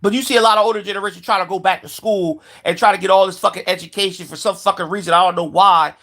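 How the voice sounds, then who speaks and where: A man's voice: high-pitched, fairly even intonation, fast, sharp tone. A man ranting angrily about politics and jobs, swearing freely and slipping into mocking quoted voices of other people. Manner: profane, heated, talks in quoted voices. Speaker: video commentator. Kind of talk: angry political rant.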